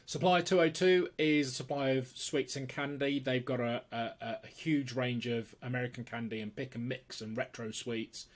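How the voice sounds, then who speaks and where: A man's voice: steady tone, normal speed, hardly any pauses. A man casually presenting a weekly rundown of trending products, talking off the cuff with lots of fillers, restarts and an upbeat sales manner. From United Kingdom. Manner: unscripted, many fillers and restarts, enthusiastic sales pitch.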